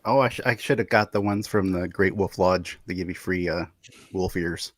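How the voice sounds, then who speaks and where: A man's voice: low voice, normal speed, no room sound. A man co-hosting a casual live-streamed podcast, dropping dry one-liners. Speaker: podcast co-host.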